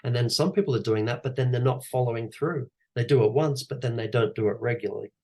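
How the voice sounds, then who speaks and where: A man, an actor and teacher, giving coaching advice in an animated, conversational way and repeating his key phrases. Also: mid-range voice, quick pace. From Australia. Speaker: guest speaker, actor and teacher.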